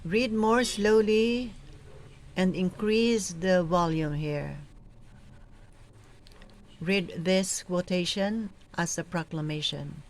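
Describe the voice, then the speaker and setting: A woman coaching lectors and reading scripture aloud in a slow, measured, deliberate way. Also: on the low side, slight background noise, poor audio. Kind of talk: scripture reading and proclamation tips.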